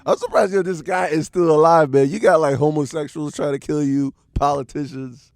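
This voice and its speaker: A man's voice: on the high side, steady tone, normal speed, creaky. A man from Haiti hosting a podcast, chatting casually, joking and exclaiming often. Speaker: podcast host. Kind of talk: casual chat.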